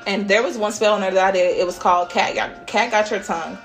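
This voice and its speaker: A woman's voice: mid-range voice, fairly even intonation, quick pace, faint music behind. A woman hosting a podcast, giving a casual spiritual pep talk in a blunt, profane way. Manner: blunt and profane, swears freely. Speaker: podcast host.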